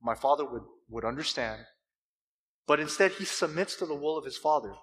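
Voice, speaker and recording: Male pastor, high bright voice, sermon in a reverberant hall, dramatic swells. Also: animated. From California. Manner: impassioned preaching with dramatic pauses and swells.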